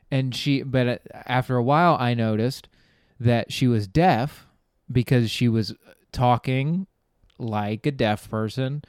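A man's voice: mid-range voice, a little slow, a little mellow, clean tone, dry recording, studio quality. A man hosting a podcast, telling a rambling, profane comic story and laughing at his own jokes. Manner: rambling, profane, trails off and restarts. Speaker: podcast host. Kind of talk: casual comedic storytelling.

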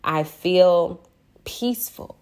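A woman's voice: on the low side, a little mellow, smooth. A woman hosting a podcast and talking casually about affirmations, in an earnest, reflective way, stretching out the words she stresses, with a lilt. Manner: earnest, reflective, drawn-out emphasis on key words. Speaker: podcast host. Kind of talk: casual solo podcast talk.

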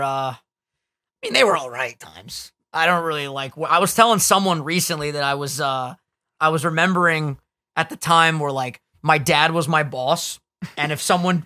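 A man's voice: on the high side, sharp tone. A young man in casual podcast chat, swearing freely and acting out little scenes from his old pizzeria job.

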